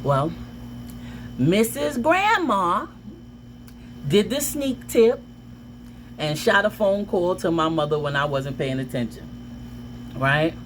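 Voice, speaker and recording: A woman vlogger telling a personal story in a casual, animated way, with dramatic outbursts. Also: lowish voice, slow, pauses often, a little hiss or hum.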